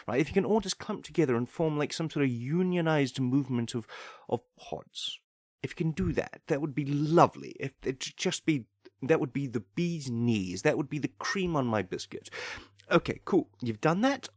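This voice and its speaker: A man's voice: fairly high pitch, animated, moderate pace, dry recording, clean studio sound. A man voicing a chatty sentient teddy bear who rambles and coaxes his listener politely, often asking "right?". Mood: coaxing.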